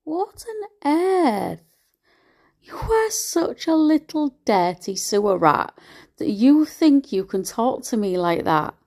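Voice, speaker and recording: A woman unloads in a scornful, foul-mouthed monologue to camera. Her voice sits mid-range but spikes upward in sudden jumps as she grows indignant. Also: a little slow. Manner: blunt, profane and scornful; animated, with sudden pitch jumps.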